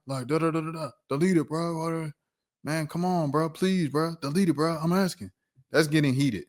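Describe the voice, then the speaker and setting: A man hosts a casual sports commentary show. He reads quotes in an even, low voice, then jumps up in pitch and volume to rant with heat. His voice is mid-pitched and conversational. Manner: animated, reads quotes flatly then rants loudly.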